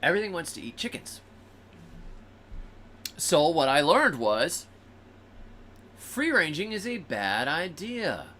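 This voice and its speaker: Animated storytelling man, bright voice. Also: a little high, slow pace, pauses often, slight background noise. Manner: animated, acts out animals and people in funny voices. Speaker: host. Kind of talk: casual storytelling.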